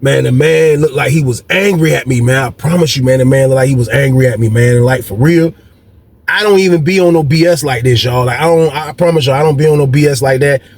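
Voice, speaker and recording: A man's voice: mid-range voice, steady tone, fast talker, a little mellow. A man casually telling a story from his past in slangy, profane talk, repeating himself often.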